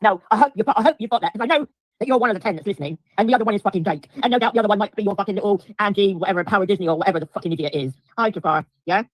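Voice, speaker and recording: A woman's voice: medium pitch, very fast, no room sound. Middle-aged woman, livestream ranter, foul-mouthed and repetitive, dry close sound. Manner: swears heavily, repeats herself, addresses chat viewers. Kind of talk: angry livestream rant to viewers.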